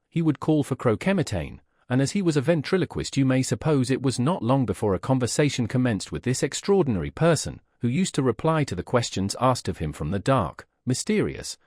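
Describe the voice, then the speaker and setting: A man reading a classic tale aloud as an audiobook narrator, with expressive delivery and a husky voice, recorded close on a dry mic. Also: mid-range voice, no echo.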